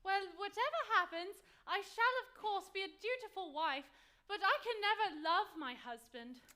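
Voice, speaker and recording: A woman's voice: extremely high pitch, expressive, moderate pace, sharp tone, heavily acted. A woman playing a reluctant young bride. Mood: wry. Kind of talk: staged operetta dialogue. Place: theatre stage, live performance.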